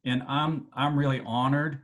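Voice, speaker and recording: A man with a Boston accent giving a halting speech over a video call to alumni, with many fillers and restarts. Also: mid-range voice, level tone. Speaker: medical school dean addressing alumni.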